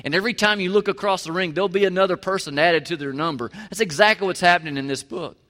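The pastor speaks quickly in a high, fairly bright voice while preaching, mixing a conversational style with emphasis and plenty of questions to his listeners. The church setting has the long reverb of a large hall.

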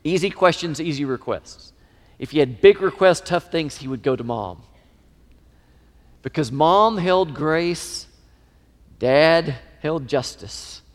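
A middle-aged man preaching a sermon, emphatic and animated, his voice swelling in pitch and volume. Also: slow pace, pauses often. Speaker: pastor. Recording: long reverb of a large hall.

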